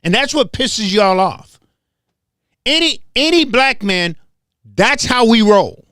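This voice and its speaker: A high-voiced host from Memphis, in the southern US, rants confrontationally on his show, with wide pitch swings and repeated points for emphasis. He is animated but takes it slowly, with a sharp tone. The recording is dry and close.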